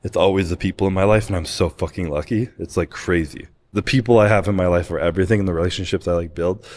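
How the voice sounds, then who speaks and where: A young man with a low voice talks quickly through a personal story on a podcast. He is candid and emotional, and he swears and uses fillers freely. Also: a little mellow. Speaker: guest.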